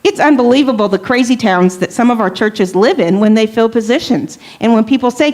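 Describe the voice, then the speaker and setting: Workshop presenter, middle-aged woman, fairly high voice, chatty teaching style, keeps asking the room questions. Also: lively intonation, moderate pace, a little mellow. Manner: conversational, checks in with "okay?" and questions to the audience. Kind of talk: church leadership workshop talk.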